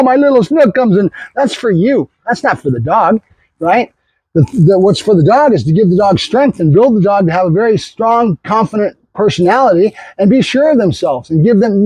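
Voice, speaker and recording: A middle-aged dog trainer talking casually and bluntly to the camera, repeating himself with fillers and restarts. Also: male voice, sits high, darkish tone, husky, dry recording, poor audio.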